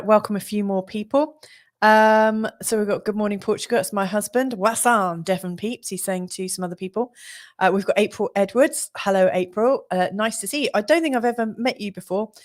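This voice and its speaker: A woman astrologer hosting a live stream, chatting casually with many fillers and frequent laughs. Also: medium pitch. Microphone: studio mic.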